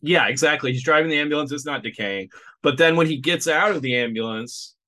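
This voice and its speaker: A man co-hosting a podcast, talking through a film in a rambling, animated way with lots of fillers. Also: a little high, a little fast. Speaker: podcast co-host. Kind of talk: casual movie review chat.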